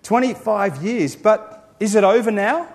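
A man preaching a sermon, building emphatic lists and then dropping to a quiet, low close. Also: expressive, measured pace. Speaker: pastor.

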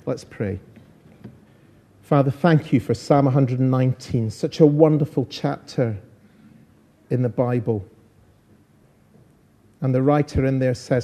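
Preacher, upbeat and encouraging, warm mellow tone. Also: male voice, medium pitch, normal speed, pauses often. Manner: lively, encouraging, repeats phrases for emphasis. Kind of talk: all-age church talk.

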